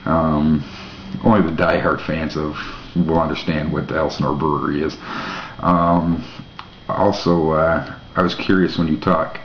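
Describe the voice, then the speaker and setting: Man, very low voice, rambling, mock-naive questions, dry jokes, echoey room, dull lo-fi mic, faint hiss. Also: little pitch movement, measured pace. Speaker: vlog host. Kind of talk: casual rambling monologue to camera.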